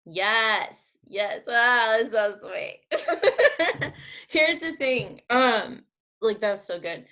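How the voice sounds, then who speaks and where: A woman's voice: fairly high pitch, animated, drawn-out words, pushed and bright. A woman co-hosting a casual chat, bubbly and full of "um" and "like". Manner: bubbly, filler-heavy. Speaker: co-host.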